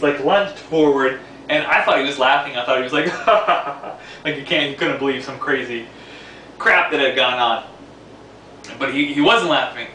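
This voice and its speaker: A man's voice: fairly high pitch, sharp tone. A man from the New York City area telling a rambling, casual story, repeating words and laughing along the way. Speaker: vlogger. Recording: echoey room, distant from mic, faint hiss.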